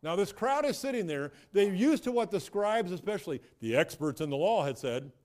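A man's voice: high voice, big pitch swings, moderate pace, a little mellow. A middle-aged man preaching a sermon as a pastor, emphatic and repetitive, often restarting his phrases.

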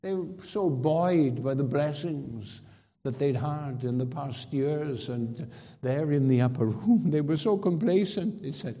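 A male preacher delivers a sermon in an unhurried, deliberate rhythm. His voice is deep-toned and mellow, and it rings out with long reverb in a large hall. He drives home his points with rhetorical questions and emphatic repetition. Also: lively intonation.

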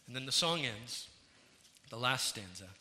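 A man's voice: mid-range voice, expressive, measured pace, sharp tone, slight background noise. A man preaching a sermon to his congregation in an earnest way that rises and falls in intensity. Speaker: pastor. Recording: church hall with long reverb.

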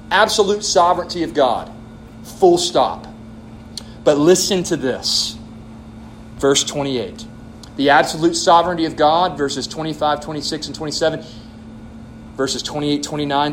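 At a question-and-answer night in a church hall, a man teaches emphatically from scripture and puts questions to the audience. His voice runs on the high side, with slight background noise.

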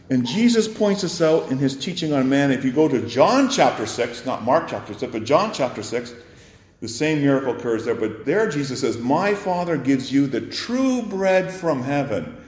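A man preaching an expository sermon, animated and acting out the disciples' and Jesus' words in a raised voice. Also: mid-range voice, normal speed. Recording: echoey hall with faint noise.

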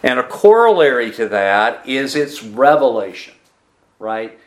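A pastor delivers an expository sermon in a medium-pitched, sing-song voice, slow and deliberate. He poses questions to the congregation and answers them himself, pausing emphatically on key words.

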